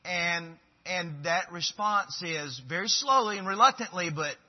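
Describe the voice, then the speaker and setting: A husky, fairly high-voiced man preaches a sermon, chatting along in a folksy way before swelling into fervent calls. The recording sounds dull and lo-fi. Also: measured pace. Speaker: pastor.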